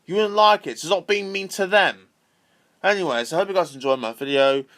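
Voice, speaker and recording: A man's voice: sits high, a little fast, fairly bright tone. A man ranting casually to camera, repetitive and swearing freely. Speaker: vlogger.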